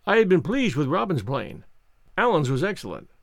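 A man reads a classic novel aloud in a measured storytelling style. His voice sits a touch high and moves expressively through its range. The recording is close and dry. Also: very animated, no room sound. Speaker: audiobook reader and show host.

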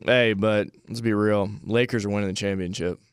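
A man's voice: lowish voice, steady tone, moderate pace, clear, resonant tone, no echo, clean studio sound. A man co-hosting a casual sports chat, speaking in short, confident remarks. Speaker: co-host.

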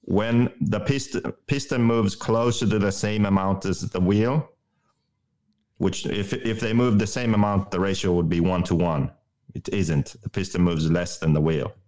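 A man's voice: sits low, steady tone, measured pace, a little mellow. A man co-hosting a casual podcast, explaining a technical point methodically, step by step. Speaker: podcast co-host.

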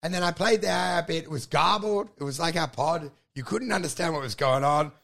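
An Australian man with a high, gravelly voice tells a story in casual podcast chat. He swears freely, acts out quotes and gets loud and shouty as he goes. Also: fairly quick. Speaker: comedian and podcast host.

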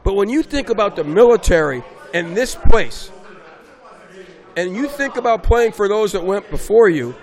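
A man's voice: high-pitched, normal speed. A middle-aged man, a basketball coach, telling stories in a casual interview and raising his voice for emphasis. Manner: animated storyteller, raises voice for emphasis.

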